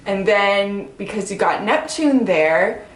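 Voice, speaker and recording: A woman's voice: mid-range voice, lively intonation, slow. Giggly young woman chatting, echoey room. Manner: giggly, playful, jokey asides. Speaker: astrology podcast co-host. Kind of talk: casual chat. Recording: echoey room, faint room ambience.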